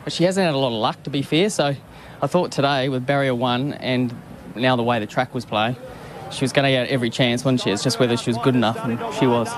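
Brief: quick-talking man in an outdoor clip, faint traffic behind, matter-of-fact. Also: mid-range voice, steady tone. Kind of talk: outdoor post-race interview.

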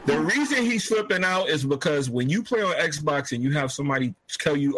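A man's voice: a little high, expressive, brisk, a bit bright, poor audio. A man co-hosting a podcast who keeps trying to take the floor and explain his point. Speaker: podcast co-host. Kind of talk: casual debate. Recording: other voices chattering behind.

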